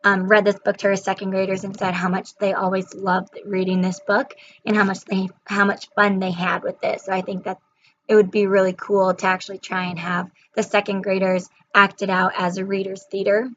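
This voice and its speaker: A woman's voice: medium pitch, little pitch movement, normal speed, slight background noise. A young woman retelling and reviewing a children's book in a chatty way, with frequent fillers, on a slightly muffled recording.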